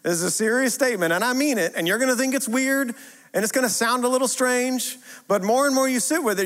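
A man in his thirties preaching a sermon, earnest and repetitive, moving from hushed tenderness to emphatic declarations. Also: very high voice, fast talker. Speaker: pastor. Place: church sanctuary. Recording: long hall reverb.

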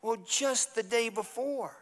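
Pastor preaching with lively storytelling. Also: male voice, very high voice, unhurried. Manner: storytelling, acts out biblical characters in a casual voice. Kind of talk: sermon. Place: church sanctuary. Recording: church hall reverb.

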